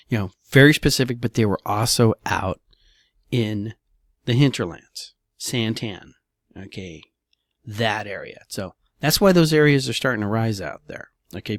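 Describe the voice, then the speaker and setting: Chatty low-voiced man with a dry close sound. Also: normal speed, dry recording. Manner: chatty, loose, peppered with "all right". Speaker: real estate broker and podcast host. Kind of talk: casual solo commentary.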